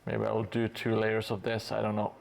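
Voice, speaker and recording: A man's voice: fairly low pitch, completely flat delivery, moderate pace, gravelly. A man chatting casually on a live stream while painting terrain, rambling and poking fun at himself, with lots of fillers and restarts. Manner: rambling, self-mocking, many fillers and restarts. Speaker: streamer building a tabletop terrain board. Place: hobby workspace at home.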